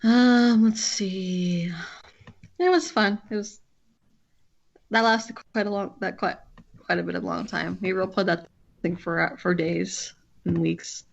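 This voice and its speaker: A woman's voice: medium pitch, unhurried, gravelly, highs cut off. A woman streamer chatting casually with a friend while drawing, rambling and often breaking off to restart her sentences.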